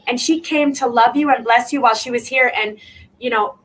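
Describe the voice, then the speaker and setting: A woman with a high voice gives a live spiritual reading as a medium. She talks emphatically and returns to the same words again and again to reassure her listener. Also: a little fast, a bit bright, low-quality recording. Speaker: psychic medium.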